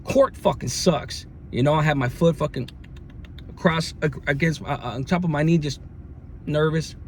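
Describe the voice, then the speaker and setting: Man with a fairly high voice, casual storyteller full of slang and fillers, faint hiss behind him. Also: moderate pace. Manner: slangy, lots of fillers and restarts. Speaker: storyteller recounting jail experience. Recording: faint background noise.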